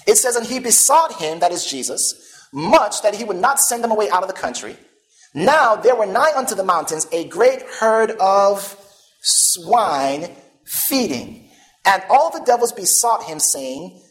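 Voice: mid-range voice, very animated, measured pace, a bit bright, low-quality recording. A preacher delivering a sermon. The preacher reads old-style scripture aloud, explains it, and asks the listeners questions, leaving gaps for them to answer. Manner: calls the listeners "beloved".

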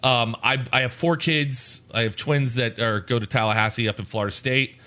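Man in his 40s, bright voice, podcast co-host, lively anecdotes, laughs often. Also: mid-range voice, moderate pace. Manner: animated storyteller, laughs often, mimics voices. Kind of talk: casual podcast chat.

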